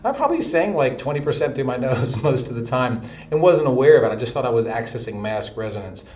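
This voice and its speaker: A middle-aged man teaching a relaxed, chatty voice lesson, breaking into short sung demonstrations. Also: medium pitch, fast talker. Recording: echoey room with faint noise.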